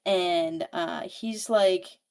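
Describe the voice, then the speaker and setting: A young woman co-hosting a book podcast, recapping a novel's plot in a casual, animated, profane way. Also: fairly low pitch, extremely slow, clear, resonant tone.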